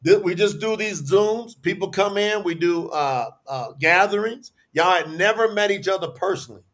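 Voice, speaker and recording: High-voiced man hosting a live talk. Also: lively intonation, moderate pace, fairly bright tone. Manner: casual, prompting questions. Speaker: host and teacher. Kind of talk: interviewing on a live stream.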